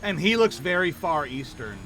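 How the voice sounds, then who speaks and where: A man's voice: fairly high pitch, sing-song, normal speed, sharp tone, slight background noise. A man streaming a game, chatting playfully and reacting aloud as he plays. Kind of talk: casual chat while playing.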